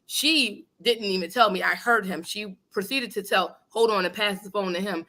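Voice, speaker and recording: A woman hosting a casual talk show, telling a story in an animated, emphatic and blunt way. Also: medium pitch, moderate pace. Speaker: host. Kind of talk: casual chat. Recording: live online radio show.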